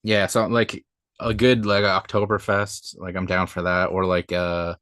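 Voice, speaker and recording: Deep-voiced hesitant guest. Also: male voice, level tone, a bit bright, no echo. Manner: halting, hesitant, rambling. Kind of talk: casual chat.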